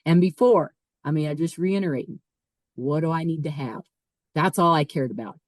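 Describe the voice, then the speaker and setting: A woman's voice: sits low, moderate pace, darkish tone, dry recording. A middle-aged woman, a podcast guest, telling a personal story emphatically, repeating phrases and voicing her own thoughts.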